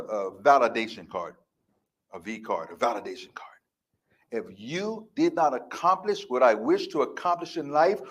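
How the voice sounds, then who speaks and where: A man in his fifties speaking on stage as a life coach, with a slightly high voice. He delivers an emphatic, repetitive motivational speech in a defiant tone. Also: a bit bright. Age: 50s. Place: stage before a live audience.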